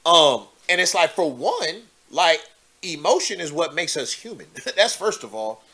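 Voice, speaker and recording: A man hosting a call-in talk show, speaking casually and laughing often, swinging from low muttering to animated near-shouting. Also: a little slow, slightly rough. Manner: animated, rising to near-shouting when worked up.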